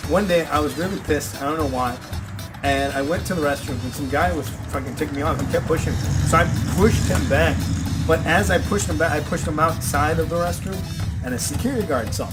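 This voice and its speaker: A young man casually telling stories to friends, often laughing and acting out loud exclamations. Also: fairly high pitch, brisk, loud music behind the voice. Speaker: channel host telling stories. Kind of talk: casual storytelling among friends.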